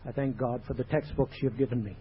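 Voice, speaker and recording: A man's voice: medium pitch, fairly even intonation, quick pace. A man from Canada addressing a recovery meeting, joking and grateful. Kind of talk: personal sharing at a meeting. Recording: dull 1980s tape with faint hiss.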